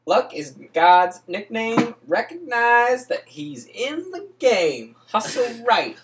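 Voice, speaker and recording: A man putting on a slow, dramatic voice for a rhyming hustler's creed. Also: extremely high pitch, very animated, noisy background, voice pushed up, heavily acted. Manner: slow, dramatic, rising delivery.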